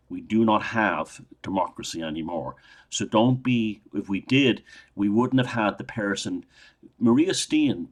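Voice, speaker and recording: A middle-aged Irish man with a very low voice rants through a solo political monologue. He sounds indignant and keeps breaking off and restarting his sentences. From Ireland. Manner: indignant, ranting, with frequent restarts. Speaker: political commentator.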